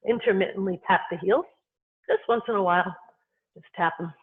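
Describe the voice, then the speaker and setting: Qigong instructor, calm short cues, tinny phone-like sound. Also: mid-range voice. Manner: calm, unhurried cueing in short phrases. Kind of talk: guided movement and breathing instruction.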